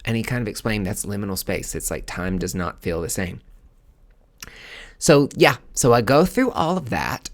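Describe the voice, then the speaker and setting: Low-voiced man telling a rambling story. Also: moderate pace. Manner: animated, rambling, many fillers and restarts; acts out quoted dialogue with sudden high outbursts. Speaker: podcast host. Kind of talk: casual storytelling.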